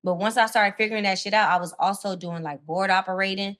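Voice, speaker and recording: A young woman, a radio personality and guest, telling her story in a casual, animated way with heavy slang and swearing. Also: medium pitch, fast talker. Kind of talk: casual chat.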